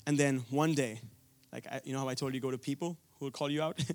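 A man's voice: mid-range voice, steady tone, fast talker. A young man from India preaching a sermon, telling a personal story earnestly, with frequent restarts.

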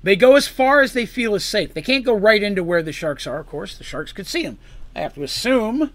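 A man's voice: sits high, expressive, a little fast, fairly bright tone. A man as game master, recapping a tabletop game session with chatty, enthusiastic asides.

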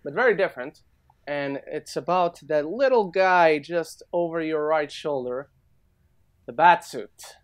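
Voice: medium pitch, measured pace. A podcast co-host in casual chat, agreeable and steering the talk from topic to topic.

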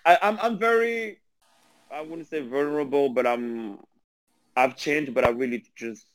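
A man from Angola with a French accent, a podcast guest telling stories in an animated, laughing way with halting restarts over a remote call. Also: fairly high pitch, background noise. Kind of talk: casual storytelling chat.

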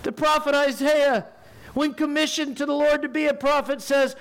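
Male pastor, high-pitched, preaches with animated emphatic bursts. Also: moderate pace. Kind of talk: sermon.

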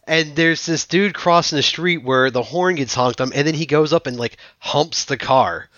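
A man's voice: fairly high pitch, normal speed, fairly bright tone, no room sound. A man co-hosting a podcast in casual chat, recapping plot points matter-of-factly. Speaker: podcast co-host. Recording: dull, dry lo-fi mic.

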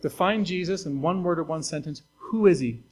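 Guy pastor giving a sermon, chatty and sincere, bit of a higher voice. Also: brisk, low-quality recording. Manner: conversational, earnest, with filler words.

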